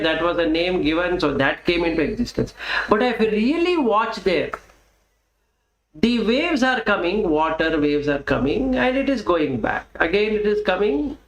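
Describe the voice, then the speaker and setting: A man's voice: sits high, roomy sound, rough recording. A man with an Indian accent giving a Dhamma talk as a Buddhist teacher, explaining step by step and putting questions to the listener.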